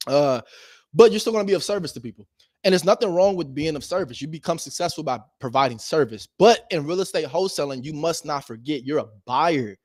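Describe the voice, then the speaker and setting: A man talking casually and with drive to his viewers, a little higher in pitch than most men. He speaks in direct street slang, calls the listener bro, and jumps between loud bursts and quiet asides. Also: brisk, no echo, clean studio sound. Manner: animated, swings between loud emphasis and low asides, laughs often. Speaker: real estate investor and video host. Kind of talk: casual motivational talk to camera.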